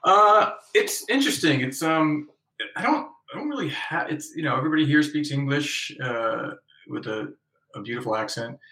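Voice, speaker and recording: A man's voice: a little high, lively intonation, moderate pace, pushed and bright, echoey room, rough recording. A middle-aged American man from the Northeast, an interview guest talking over a remote call in a chatty, self-deprecating way with many restarts. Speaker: guest author. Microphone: remote call from abroad.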